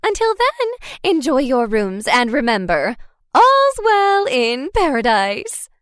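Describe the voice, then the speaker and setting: Woman voicing a cheery sing-song hostess for an audiobook, high and bouncy. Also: sing-song, moderate pace, fairly bright tone, dry recording, studio quality. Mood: chirpy. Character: perky woman guide, chirpy hostess.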